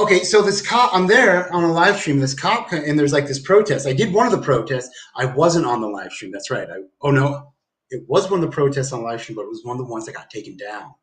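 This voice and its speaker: A man's voice: medium pitch, fairly bright tone. A man rambling through a profane, jumpy livestream monologue from home. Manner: rambling, profane, jumps around the story. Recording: echoey room.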